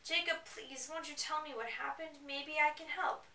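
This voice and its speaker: A woman's voice: sits high, fairly even intonation, moderate pace, bright, forceful tone, far from the mic, pitched above the performer's own voice. A woman playing a pleading, desperate teen girl. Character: distraught teenage girl pleading with a friend. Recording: roomy, away from the mic.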